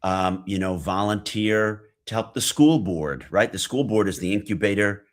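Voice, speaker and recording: A man's voice: lowish voice, normal speed. An American man, a guest on a podcast, explaining things in an earnest, lecturing way. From United States. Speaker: podcast guest, geopolitics analyst. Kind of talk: casual conversational interview.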